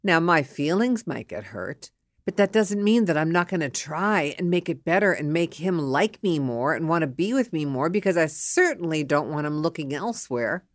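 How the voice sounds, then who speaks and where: A middle-aged woman host giving a frank monologue, candid and animated, who acts out both sides of a scene. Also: on the low side, no echo, studio quality.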